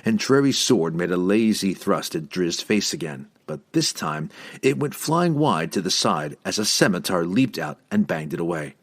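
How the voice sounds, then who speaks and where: A man reading a fantasy novel aloud as an audiobook narrator, in a dramatic, expressive storytelling voice. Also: sits low.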